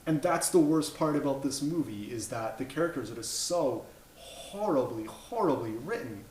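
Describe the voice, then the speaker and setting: A man's voice: medium pitch, lively intonation, normal speed, darkish tone, a little hiss or hum. A man in his thirties giving an opinionated movie review rant, blunt and exasperated, swearing and tripping over his words. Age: 30s. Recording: echoey room.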